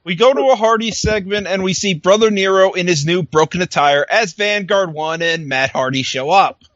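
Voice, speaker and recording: High-voiced man recapping wrestling, animated. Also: normal speed, dry recording, highs cut off. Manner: animated, laughs often, acts out wrestlers' lines. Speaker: podcast co-host. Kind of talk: casual recap chat.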